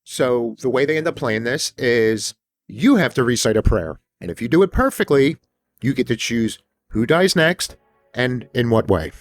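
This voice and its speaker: A man hosting a podcast, retelling a film in a casual, animated way, swearing freely and acting out the characters' lines. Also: medium pitch, normal speed. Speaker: podcast host.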